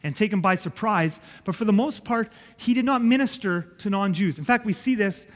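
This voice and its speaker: A man's voice: high voice, moderate pace, long reverb tail. A man preaching a sermon, emphatic and conversational, often checking in with his listeners. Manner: emphatic, repeats and checks in with "okay?".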